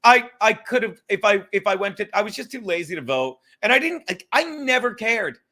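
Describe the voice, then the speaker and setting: High, bright-voiced ranting male host. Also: very animated. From New York. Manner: profane, joking, quick rants. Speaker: podcast host. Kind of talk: casual comedic chat.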